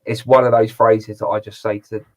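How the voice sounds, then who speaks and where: Male podcast co-host, lowish voice, loose rambling film-review chat full of fillers. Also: level tone, moderate pace, poor audio. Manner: rambling, with many fillers and restarts. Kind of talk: casual movie review chat.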